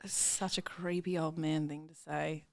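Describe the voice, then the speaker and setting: A woman in her thirties co-hosting a casual comedy podcast, teasing her partner with quick deadpan retorts. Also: deep voice, vocal fry, dry recording, clean studio sound. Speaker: podcast co-host.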